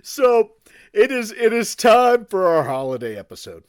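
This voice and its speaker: A man's voice: high voice, sing-song, moderate pace, clear, resonant tone, no room sound, clean studio sound. A man hosting a casual podcast from his kitchen. He laughs often, swears casually and stumbles over repeated words. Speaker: podcast host. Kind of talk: casual chat. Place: home kitchen.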